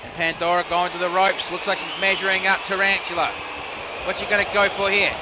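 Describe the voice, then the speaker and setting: A man's voice: high voice, flat delivery, brisk, background noise. A man doing solo play-by-play commentary of a video game wrestling match, calling each move steadily and rising sharply on near falls and reversals.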